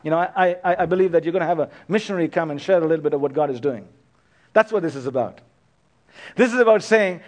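A man preaching a sermon as pastor, swinging between loud emphatic passages and a hushed, quiet close. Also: fairly high pitch, quick pace.

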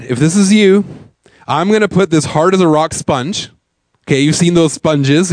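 A man's voice: mid-range voice, darkish tone, dry recording. A man, a pastor, preaching a sermon in a conversational way, full of fillers and rhetorical questions. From Canada.

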